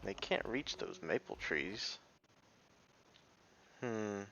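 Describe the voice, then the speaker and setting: A man's voice: lowish voice, lively intonation, very slow, fairly bright tone, dull audio, a little hiss or hum. A man giving casual gameplay commentary as a let's play streamer, thinking aloud and muttering half-finished sentences as he plays.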